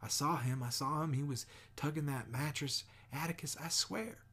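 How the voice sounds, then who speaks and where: A man plays an earnest young boy who pleads in a high, pushed voice, rushing and stressing every point. The tone stays gravelly and a touch husky underneath. It is a storybook reading. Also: a bit bright. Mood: anxious. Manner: rushed, pleading, emphatic. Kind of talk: audiobook character voice.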